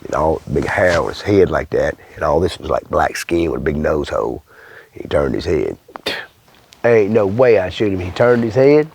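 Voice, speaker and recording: A man's voice: sits low, sing-song, moderate pace, gravelly, darkish tone, slightly rough. An older man from Louisiana with a bayou accent, telling a rambling, folksy story full of swearing in an interview. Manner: rambling, folksy, swears often, acts out voices.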